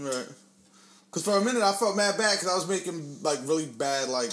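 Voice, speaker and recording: A man chatting casually among friends, telling an animated story full of swearing and acted-out quotes. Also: fairly high pitch, brisk, soft background music. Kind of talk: casual podcast chat.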